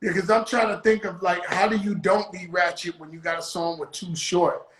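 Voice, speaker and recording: A man's voice: high voice, little pitch movement, normal speed, fairly bright tone. Brash hype-talking man in an echoey room. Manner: brash, swears freely, hype talk. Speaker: host. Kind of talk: casual interview on a livestream.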